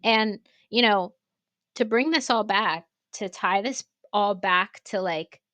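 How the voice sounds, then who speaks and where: A woman co-hosting a podcast, telling a story in an animated, casual way and swearing freely. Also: mid-range voice, slow pace, dry recording. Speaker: pottery studio co-owner and podcast host.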